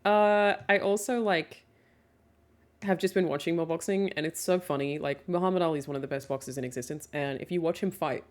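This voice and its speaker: With a fairly low pitch and a brisk delivery, a young woman streamer talks casually with her audience and reads their questions aloud. She curses freely, laughs frequently, and fills gaps with "um."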